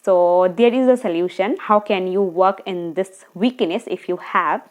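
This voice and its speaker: A woman giving earnest, encouraging speaking tips straight to camera, talking fast at times and checking in with her viewers. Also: lowish voice. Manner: talks fast, sometimes slows down deliberately. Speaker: English-speaking coach. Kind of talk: tutorial monologue to camera.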